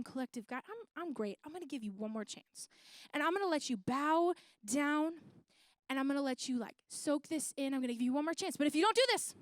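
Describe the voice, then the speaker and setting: A woman voicing a boastful, hot-tempered male king who pretends to be calm, in a youth sermon story. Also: high voice, no room sound, clean studio sound.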